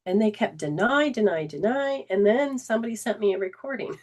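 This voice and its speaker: A woman hosts a spiritual self-help talk in an earnest, conversational voice. She restarts her sentences and drops into quick acted-out snippets of dialogue. Her pitch sits in a typical middle range for a woman. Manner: acts out remembered dialogue in lively quoted voices. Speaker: host and spiritual healing coach.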